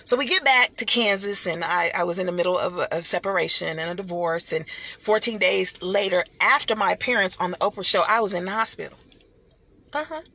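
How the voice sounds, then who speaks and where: A middle-aged woman delivers a motivational talk with a preacher's rhythm, calling her listeners honey and y'all. Her voice is husky and a little gravelly, with a bright, forceful edge. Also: on the low side, fairly quick. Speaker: motivational speaker.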